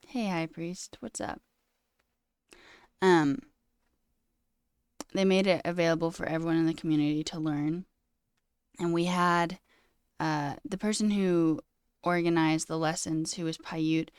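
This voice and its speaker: A young adult woman live-streaming, talking candidly and emotionally in a halting, casual way with many fillers. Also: deep voice, clean tone, no echo, studio quality.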